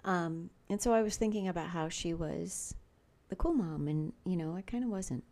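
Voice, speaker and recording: A woman's voice: fairly low pitch, normal speed, warm tone. A middle-aged woman hosting a faith-based podcast, talking in a chatty, personal way with frequent fillers. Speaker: podcast host.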